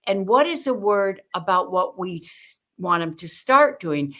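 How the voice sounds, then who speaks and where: An older woman, a guest on an interview show, telling lively stories about communication and acting out the people she quotes. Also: fairly low pitch, a little slow. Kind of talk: conversational interview with storytelling.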